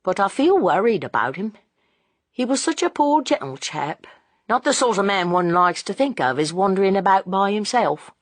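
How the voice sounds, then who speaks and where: A woman voicing a gentle, sheepish older husband who talks slowly and fondly. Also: medium pitch, animated, dry recording, voice pushed up, lightly acted. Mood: shamefaced. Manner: slow, fond, rustic.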